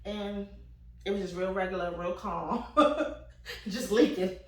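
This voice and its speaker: A young woman with a mid-range voice and measured pace casually tells a comic story, laughing and animatedly acting out the voices of people she quotes. The room is echoey and the mic sits at a distance.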